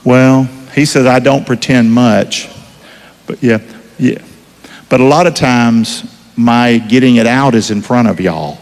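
A man's voice: medium pitch, measured pace. A man preaching a sermon, emphatic, with call-and-response questions to the congregation. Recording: long hall reverb.

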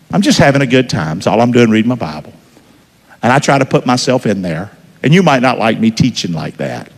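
Lively preacher in a reverberant hall. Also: male voice, mid-range voice. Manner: lively, conversational preaching with call-and-response questions. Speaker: pastor. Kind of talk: sermon. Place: church.

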